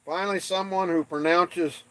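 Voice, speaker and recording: A man's voice: sits high, steady tone, normal speed, bright, forceful tone, clean tone, no echo. A man from the United States hosting a livestream, reading viewer comments and joking about English place names in playful trash talk. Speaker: livestream host.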